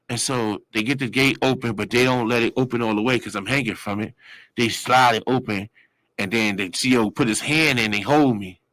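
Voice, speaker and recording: A man in his forties tells a long street story in loose slang, rambling and circling back as he goes. He jumps into sudden high yells when he acts out other people. The sound is close and dry. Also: moderate pace, no room sound, rough recording. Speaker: guest telling a story. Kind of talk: casual storytelling.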